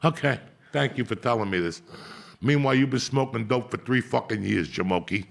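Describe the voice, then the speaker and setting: A man's voice: medium pitch, brisk, vocal fry. A middle-aged man hosting a podcast, telling rambling, profane street-style stories in casual chat. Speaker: podcast host.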